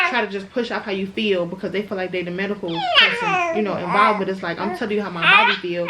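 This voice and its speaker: Chatty young woman vlogging, noisy background. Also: medium pitch. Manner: chatty, addresses viewers as y'all, emotional retelling. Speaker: new mother vlogger. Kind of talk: casual storytelling to camera.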